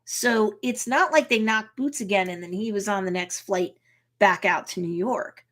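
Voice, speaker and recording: A woman attorney casually recapping and commenting on a TV episode, chatty and lively, acting out characters' lines. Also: medium pitch, normal speed. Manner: lively storyteller who acts out characters' lines; chatty, with frequent um and you know. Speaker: attorney reacting to a TV series.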